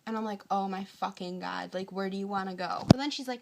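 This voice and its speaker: A young woman telling a story to her phone camera in a casual rant, tired and hungry, exasperated, acting out both sides of an argument in animated bursts and swearing often. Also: medium pitch, fairly quick, creaky, heavy background noise. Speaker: vlogger.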